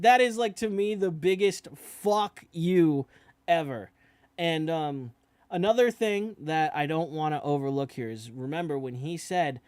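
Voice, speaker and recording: Young male reaction host, chatty and casual with light swearing, slightly high voice, dry close-miked sound. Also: a little mellow, no echo. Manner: chatty, repeats "you know what I mean".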